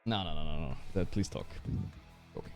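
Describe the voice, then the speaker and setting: A male streamer chatting casually while he plays, excitable and trash-talking, swearing often. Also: a bass voice, a little fast, faint music behind. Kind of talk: casual live-stream chat while playing.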